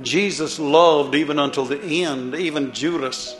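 A man's voice: fairly high pitch, unhurried, reverberant, soft background music. A man preaching a fiery sermon, pleading and throwing rhetorical questions at the congregation.

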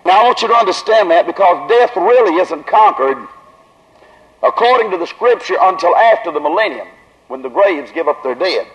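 A man with a Southern accent preaching at a tent revival, drawing his words out slowly and then rising to loud emphasis. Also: high voice, lively intonation. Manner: slow, drawn-out delivery that builds to raised emphasis. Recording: dull lo-fi old recording.

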